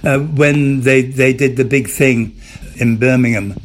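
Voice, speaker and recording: A man's voice: mid-range voice, steady tone, a little slow, slight background noise. An older man, an actor, telling stories in an interview, theatrical and amused, often repeating and restarting his words. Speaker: interview guest, former soap actor. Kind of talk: candid anecdotal chat.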